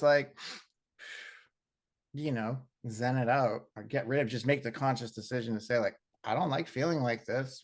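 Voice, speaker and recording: A man in casual spiritual chat, rambling and animated, with many fillers. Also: medium pitch. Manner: rambling and animated, heavy on fillers and acted-out quotes.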